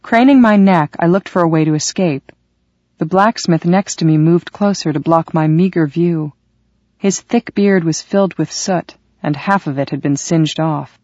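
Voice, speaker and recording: Steady, dramatic male audiobook narrator. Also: fairly high pitch, no room sound. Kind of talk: first-person audiobook narration. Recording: dry, slightly muffled.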